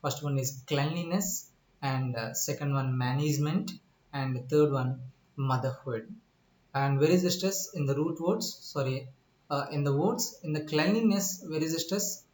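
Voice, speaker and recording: A man's voice, a little high and somewhat dark in tone, delivers a recorded lecture on English word stress amid room echo. Speaking slowly and pausing often, he goes over things again, spells out letters and asks the listener questions.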